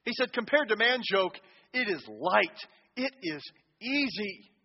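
A man preaching a sermon as pastor, emphatic and swinging between quiet passages and loud cries. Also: sits high, very animated, unhurried. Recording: dull sound with long hall reverb.

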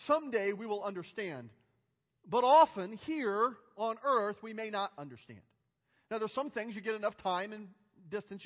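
A high-pitched male pastor delivers an emphatic sermon that swells into loud cries. His voice rings with a long hall reverb. The sound is muffled and dull. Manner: emphatic, building to loud outcries.

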